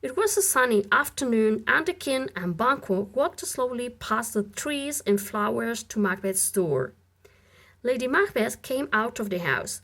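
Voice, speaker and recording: Slow, animated woman reading a storybook. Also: a little high. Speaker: audiobook reader. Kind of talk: storybook narration for learners.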